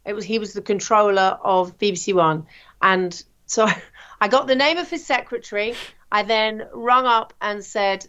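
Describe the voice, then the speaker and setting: A woman, a TV presenter, telling her career story in a chatty, animated way with plenty of ums. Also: medium pitch, moderate pace, lo-fi sound. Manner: chatty, animated anecdotes with frequent fillers. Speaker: guest, TV presenter. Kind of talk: interview storytelling.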